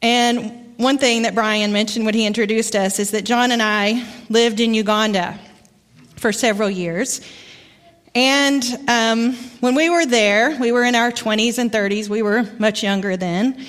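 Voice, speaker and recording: Middle-aged woman, Arkansas accent, guest preacher, relaxed storytelling sermon, slightly high voice, church reverb. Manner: warm, conversational storytelling with pauses. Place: church sanctuary.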